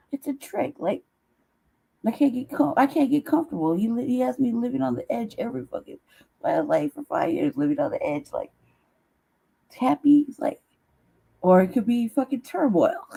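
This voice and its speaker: A woman's voice: fairly high pitch, gravelly, mellow, breathy edge, low-quality recording. A woman chatting casually on her own stream, teasing, laughing often and swearing freely. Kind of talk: casual chat.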